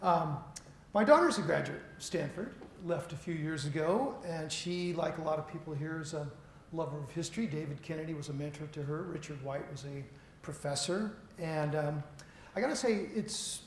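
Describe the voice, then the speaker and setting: A middle-aged man delivers a conference keynote in a roomy lecture hall, with faint noise behind him. His voice sits a little high for a man, and he talks in a loose, storytelling way that pokes fun at himself. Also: normal speed. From Seattle. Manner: conversational, self-deprecating storyteller. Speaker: keynote speaker.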